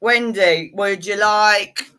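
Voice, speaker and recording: A woman's voice: mid-range voice, slow, bright, forceful tone, clear, resonant tone. A middle-aged woman, chatting playfully as she gives tarot readings on a live stream. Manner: chatty and playful, rambling asides. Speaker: tarot reader.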